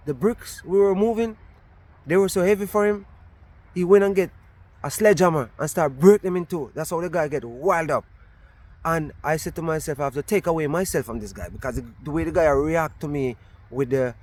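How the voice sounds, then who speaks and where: Jamaican guy vlogging outside, fairly high voice, tells his story all animated with lots of restarts. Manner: animated retelling with repeated restarts. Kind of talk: casual storytelling monologue. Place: outdoors. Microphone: camera on a tripod.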